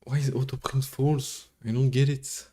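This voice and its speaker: A man's voice: mid-range voice, little pitch movement, normal speed, dark tone. A man whose first language is French, casually thinking aloud while live coding and chatting with viewers, swearing now and then. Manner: rambling, swears casually, chats with viewers between code steps. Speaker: coding livestreamer.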